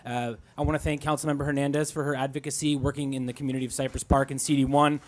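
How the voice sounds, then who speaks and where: A man from a tree-planting nonprofit giving an earnest, slightly halting public comment. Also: medium pitch, level tone. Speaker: nonprofit worker.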